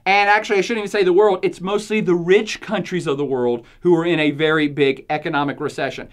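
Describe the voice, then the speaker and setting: A woman's voice: fairly low pitch, fairly even intonation, fast. A woman hosting a podcast, giving opinionated commentary in a jokey, sarcastic way and laughing often between points. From United States. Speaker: podcast host.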